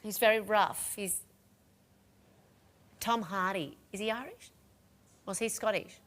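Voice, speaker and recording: A woman's voice: medium pitch, steady tone, measured pace, a bit bright. A middle-aged woman presenting live home-shopping jewellery sales in a chatty, rambling way, talking straight to the viewers.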